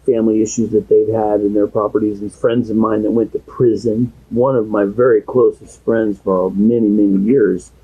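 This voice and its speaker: A man's voice: fairly low pitch, little pitch movement, normal speed, hardly any pauses, breathy edge. A man, a pastor, talking at length in a secretly recorded private conversation, rambling and earnest, at times emotional. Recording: tinny phone-like audio recording.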